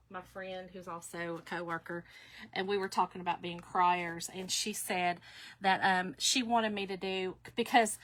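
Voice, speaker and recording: A woman, chatting casually on a live stream, laughing often and greeting viewers by name in a warm, folksy way. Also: on the high side, dry recording. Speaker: live-stream shirt maker.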